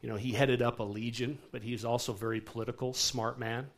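A male pastor delivers a sermon in a church hall in a relaxed, conversational way. He speaks at an ordinary pitch. He often turns to his listeners with quick questions. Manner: conversational, asks the congregation "right?" often.

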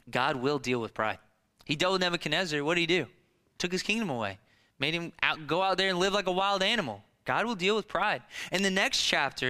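A man's voice: high voice, bright, forceful tone. A man in his thirties preaching a sermon in a conversational way, asking rhetorical questions and telling stories from his own family life. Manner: rhetorical questions and personal anecdotes. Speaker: pastor.

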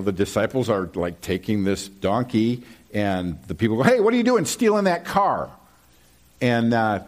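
A man preaching from the pulpit in a relaxed, conversational way, pausing to ask his congregation "okay?". His pitch leaps and dips animatedly as he quotes scripture and crowd shouts. He talks at a slow, deliberate pace. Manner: conversational, checks in with "okay?" often; animated, lively pitch swings when quoting. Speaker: pastor. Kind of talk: sermon with slides and scripture reading.

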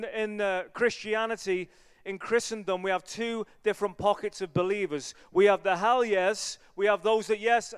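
A male evangelist preaches in a church, his talk earnest, conversational and full of fillers. His voice is fairly high and smooth. A long reverb from the hall trails each phrase. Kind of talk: sermon.

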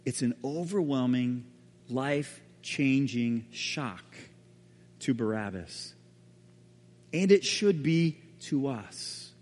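A man preaching a sermon as a pastor, telling the story dramatically and often dropping to a hushed voice. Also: medium pitch, very animated, slow. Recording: reverberant hall.

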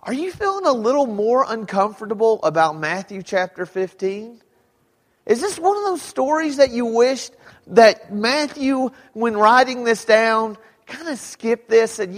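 A man preaching a sermon as pastor, dramatic, rising to shouts when he quotes people. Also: sits high, expressive, unhurried. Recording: long hall reverb.

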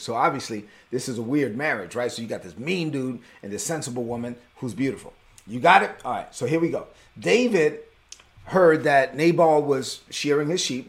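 A man preaching a sermon, retelling a story with lively slang and acted-out voices. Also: on the high side. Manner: animated storytelling, acts out voices, conversational slang. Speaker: pastor.

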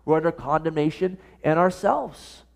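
High-voiced man preaching a sermon. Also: moderate pace, gravelly. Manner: earnest, asks the congregation direct questions. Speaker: pastor. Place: church service.

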